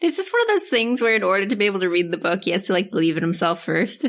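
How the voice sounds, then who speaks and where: A woman's voice: mid-range voice, animated, racing, a bit bright. A woman co-hosting a podcast, reacting to a movie recap with wry remarks and frequent laughter. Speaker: podcast co-host. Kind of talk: casual chat.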